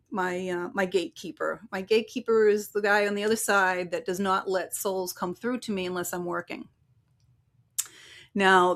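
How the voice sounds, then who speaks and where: A woman's voice: medium pitch, fairly bright tone. A woman guest on an interview podcast, a psychic medium and relationship coach, telling stories casually and acting out the voices of the people in them. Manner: chatty, acts out quoted voices in anecdotes.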